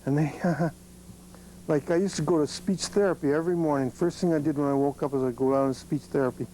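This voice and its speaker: A man telling a group of students about his accident in an animated, salty way, laughing often. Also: fairly high pitch, quick pace, slight background noise, low-quality recording. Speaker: accident survivor speaking to students. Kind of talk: personal story told to a group.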